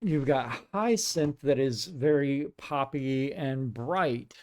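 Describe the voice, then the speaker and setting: A man giving casual commentary while reacting to music, musing and excitable, with many filler "like"s. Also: medium pitch, slow pace. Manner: musing, excitable, says "like" often.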